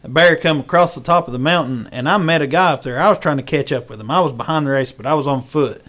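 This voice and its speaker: A man, hosting a casual chat and telling a hunting story in a lively, drawling way. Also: fairly high pitch, fast talker. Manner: animated, rural drawl, says "son".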